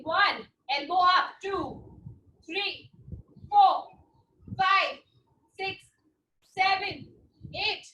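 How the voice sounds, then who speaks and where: A woman telling a story to children and leading them through yoga poses in an animated way. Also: high voice, distant mic, low-quality recording.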